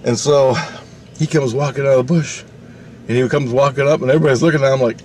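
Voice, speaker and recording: A man telling a long, rambling story in a casual, animated way, swearing freely. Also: medium pitch, fast, slight background noise. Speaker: vlogger.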